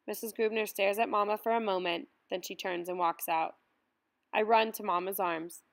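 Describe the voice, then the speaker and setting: A woman reading a first-person story aloud in a measured, earnest way. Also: medium pitch, fairly even intonation, gravelly. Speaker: audiobook reader.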